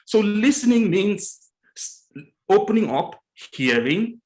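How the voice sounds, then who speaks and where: A man with a fairly high voice talks earnestly on a religious morning show. He slows right down to lean on key words, and he repeats his main points so they land. Now and then he acts out little scenes with lively jumps in pitch. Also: low-quality recording. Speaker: studio guest on a religious breakfast show. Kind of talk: earnest teaching talk on relationships.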